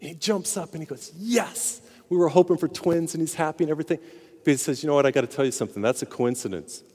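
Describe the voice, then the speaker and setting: Preaching man in a reverberant church. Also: fairly high pitch. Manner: animated preaching, slows for emphasis. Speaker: priest. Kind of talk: sermon with told jokes. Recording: long hall reverb.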